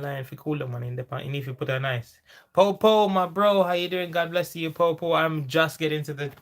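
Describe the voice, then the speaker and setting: A man with a Jamaican accent hosting a livestream, chatting casually, reading out viewer comments, laughing often and slipping into patois. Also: mid-range voice. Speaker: livestream host. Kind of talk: casual live-chat reading.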